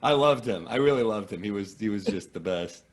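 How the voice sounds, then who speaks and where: A man's voice: on the low side, animated, brisk, a crowd in the background. A man from the United States with an American accent, a comedian guesting on a podcast and telling self-deprecating anecdotes. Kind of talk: casual interview chat.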